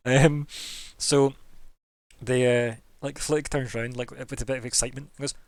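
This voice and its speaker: A man running a tabletop game, narrating in a loose, rambling way full of fillers. His voice sits at a middle pitch. The recording is dry with no room sound. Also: fairly even intonation, moderate pace, no echo. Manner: rambling, filler-heavy, laughing. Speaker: game master.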